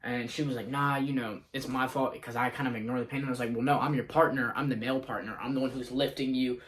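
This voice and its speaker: A man's voice: medium pitch, steady tone, quick pace, fairly bright tone. Young male vlogger, loose and scatterbrained, chatty day recap. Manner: scatterbrained, quotes himself and others in conversation. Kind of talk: casual rambling vlog. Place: in a car.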